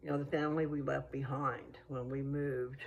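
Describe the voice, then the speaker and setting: A woman's voice: very deep voice, level tone, moderate pace, creaky, a little mellow, lo-fi sound, slight background noise. An American woman chatting casually in a meandering, think-aloud way while out walking. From United States. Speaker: vlogger. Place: outdoors on a walk.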